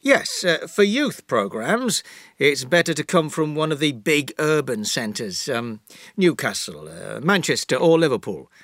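A man with a Yorkshire accent, a professor answering questions as a guest in a scripted interview, explaining in a measured way. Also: fairly high pitch, big pitch swings, fairly bright tone, dry recording, studio quality. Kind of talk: scripted listening-exercise interview.

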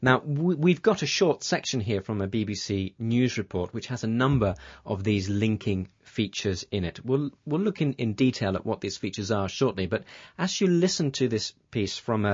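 A man's voice: fairly low pitch, slightly rough. A man presenting an educational radio programme about English, talking casually with many fillers and restarts. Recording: dull lo-fi broadcast audio.

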